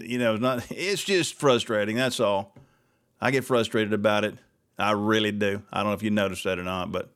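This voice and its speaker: A man's voice: mid-range voice, fairly bright tone. A man hosting local talk radio, venting in an exasperated, sarcastic ramble. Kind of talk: casual talk radio monologue.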